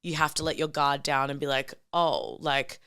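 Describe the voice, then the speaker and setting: Young woman, comedian guest, casual chat, deep-ish voice, smooth tone, swears a lot. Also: fairly even intonation, normal speed, a bit bright. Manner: chatty, calls her friend babe, swears casually.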